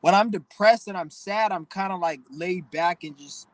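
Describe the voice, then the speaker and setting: A man's voice: high voice, normal speed, dry recording, low-quality recording. A young man hosting his own channel, ranting bluntly and profanely in a preachy, emotional way. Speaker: channel host. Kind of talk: casual vlog rant.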